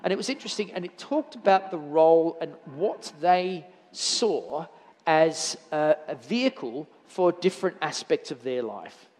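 A man's voice: on the high side, expressive, unhurried, a little mellow. A man giving a conversational sermon in church, telling anecdotes with frequent restarts. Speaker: lay preacher. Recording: church hall reverb.

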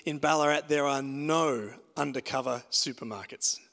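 Preacher in a reverberant hall. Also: male voice, mid-range voice, normal speed, a bit bright. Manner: conversational storytelling with emphatic rises. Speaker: pastor. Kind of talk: sermon.

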